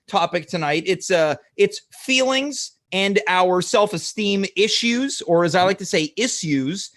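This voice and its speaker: A man's voice: high-pitched, expressive, a little slow, a bit bright. A man hosting a casual talk show from home, chatting and teasing his guest and steering the topics. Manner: easygoing, teasing, steers the conversation. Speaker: host.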